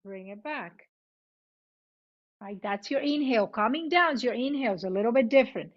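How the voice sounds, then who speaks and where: A woman guiding a chair yoga class, giving cues in both English and Spanish and demonstrating loud vocal sounds. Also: fairly high pitch, animated, a little fast. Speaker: yoga instructor. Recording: muffled lo-fi recording.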